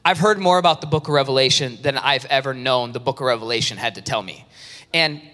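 A man preaching an animated sermon, acting out worried churchgoers in a high, strained voice. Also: fast talker. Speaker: pastor. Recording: reverberant hall sound.

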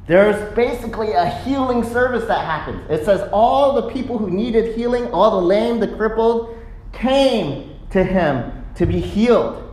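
A pastor preaching a sermon in a church sanctuary, telling a story with animated delivery and acting out quotes. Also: mid-range voice. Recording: echoey sanctuary room.

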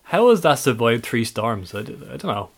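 A man's voice: mid-range voice, big pitch swings, a little fast, creaky. A man co-hosting a podcast, teasing his friend and laughing as he sets up the story. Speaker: podcast co-host. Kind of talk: casual chat, setting up stories.

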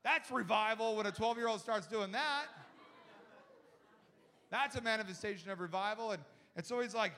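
High-voiced animated pastor man. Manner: animated, quotes people in quick voices, many restarts. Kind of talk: sermon storytelling.

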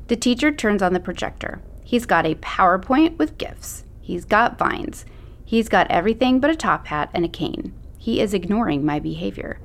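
A woman's voice: fairly low pitch, expressive, moderate pace, creaky. A woman narrating an audiobook in the first person, with a sassy, slangy teen attitude.

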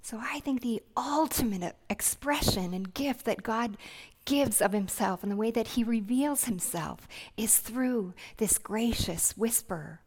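A woman preaching a sermon, gentle, earnest and reflective, with soft hushed passages. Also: a little high, measured pace, husky.

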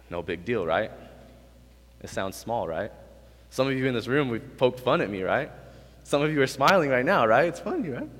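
A youth pastor in his 20s preaches a sermon to an audience in a reverberant hall. He's animated, swinging from quiet to loud and high-pitched whenever he acts out God's lines.

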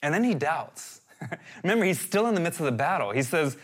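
A man preaching a sermon, animated and direct, reading out scripture and calling his listeners "guys". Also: fairly high pitch, brisk. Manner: reads and dramatizes scripture verses. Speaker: pastor.

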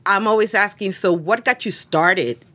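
A woman's voice: medium pitch, normal speed, pushed and bright. A woman hosting a podcast interview on a headset mic, enthusiastic and chatty. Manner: enthusiastic, chatty, laughs easily. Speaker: podcast host.

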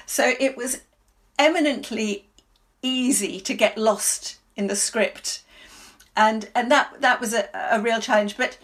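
A stage actress answering interview questions in a thoughtful, halting way, often restarting her sentences. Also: fairly high pitch.

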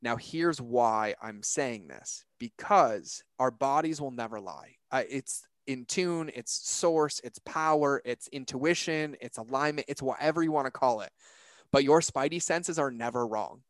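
A man with a mid-range voice talks earnestly at a moderate pace in a reflective podcast conversation, casual and searching. He leans on fillers like "like" and "right?", and the sound is dry and close, with no echo and little room around it.

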